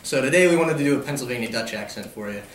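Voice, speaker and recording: A man interviewing his friend in a relaxed, friendly way. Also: medium pitch, rapid-fire, slight background noise. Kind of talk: casual interview. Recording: echoey room, far from mic.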